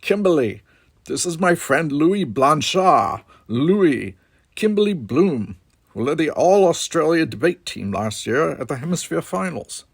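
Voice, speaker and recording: A man's voice: on the high side, sing-song, a little slow, creaky, slightly rough, dry recording, clean studio sound, voice pushed up, heavily acted. A man reading an earnest young cadet hopeful.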